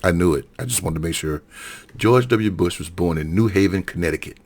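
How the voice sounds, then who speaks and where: Deep-voiced guy from alabama ranting away, stumbles and restarts a lot. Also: brisk, darkish tone. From Alabama, USA. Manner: heated, repetitive, self-correcting. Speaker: political commentator. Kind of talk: solo political rant.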